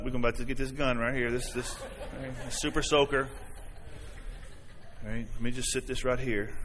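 Preaching to his congregation in a church sanctuary, a pastor stays earnest and conversational, often asking them questions. He has a bright, forceful mid-range voice, and the sound has long hall reverb.

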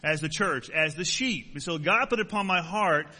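A man's voice: fairly high pitch, lively intonation, moderate pace, bright, forceful tone, long reverb tail. A middle-aged man preaching a sermon as pastor, folksy with joking asides to the congregation. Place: church sanctuary.

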